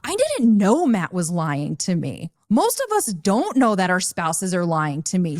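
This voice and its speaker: A woman with a fairly low voice talks as a podcast co-host, animated and openly exasperated, and she laughs easily. The recording is dry and close, with no room echo. Her pitch climbs when she gets worked up. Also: unhurried, few pauses. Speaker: podcast co-host, spouse of a man in recovery. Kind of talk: conversational podcast talk.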